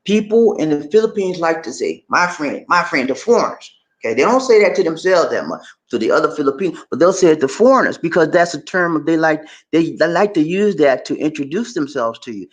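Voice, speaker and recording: Animated American man telling stories. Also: fairly high pitch, fairly quick. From United States. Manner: animated storytelling, laughs often. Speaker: vlogger. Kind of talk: casual advice monologue.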